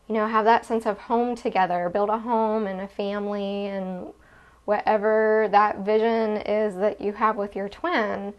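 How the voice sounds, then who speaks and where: A woman giving a spiritual card reading, talking gently with frequent ums and soft laughs. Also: mid-range voice, highs cut off. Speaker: tarot reader.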